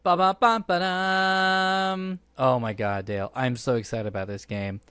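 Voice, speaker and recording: A man hosting a casual podcast, playful and quick-witted, hyping up a game like a game-show host. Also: fairly low pitch, fairly even intonation, no echo.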